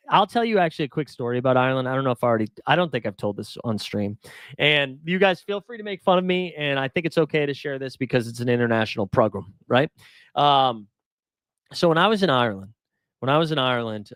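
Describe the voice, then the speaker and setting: This fantasy baseball show host has a medium-pitched, clean-toned voice, captured as a dry recording with clean studio sound. His casual live-stream chat is rambling and self-deprecating, punctuated by chuckles.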